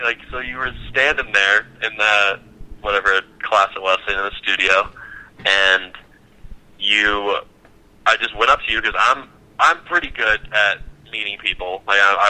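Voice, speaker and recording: A young man from Nebraska chatting casually on a podcast, telling animated stories and cussing freely. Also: on the low side, normal speed, low-quality recording. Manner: animated storytelling, acts out quotes, swears freely. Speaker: podcast co-host. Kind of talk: casual chat.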